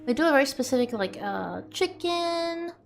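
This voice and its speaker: A woman's voice: high voice, expressive, moderate pace, creaky. A young woman streaming, chatting casually with viewers in a self-mocking, laughing way.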